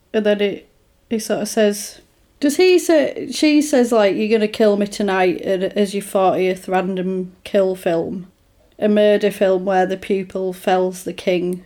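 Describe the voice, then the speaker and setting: A woman in casual conversation, telling a film's story with lively swings in her voice as she acts out each character's lines. Her pitch sits in a middling range. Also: a little slow. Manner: animated storytelling, acting out quoted lines. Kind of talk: casual chat retelling a film plot.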